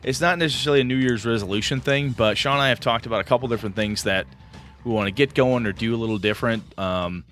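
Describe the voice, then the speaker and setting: A man co-hosting a casual podcast chat, excitable and rambling, with many fillers and restarts. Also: mid-range voice, fast, faint music behind. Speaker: podcast co-host.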